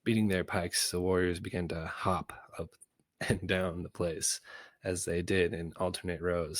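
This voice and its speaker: A man's voice: low-pitched, dry recording. A man reading a children's novel aloud in a goofy, casual way, with small slips and self-corrections. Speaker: book reader.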